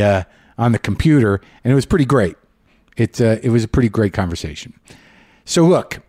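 A man from New Mexico hosting a show, talking in a candid, rambling way with halting restarts and a grieving, reflective tone. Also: medium pitch, a little mellow, dry recording, clean studio sound. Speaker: podcast host. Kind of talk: casual monologue.

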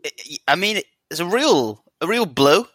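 A man with an Edinburgh accent co-hosting a casual podcast, rambling and hedging, gently self-mocking. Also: sits high, sing-song, a little slow, slightly rough, no echo. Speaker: podcast co-host.

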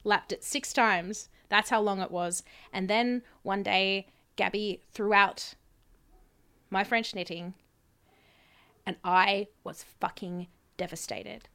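A woman's voice: mid-range voice, steady tone, slow, a bit bright, clear, resonant tone. Chatty woman telling stories. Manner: chatty storytelling, laughs often. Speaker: podcast co-host. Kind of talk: casual chat.

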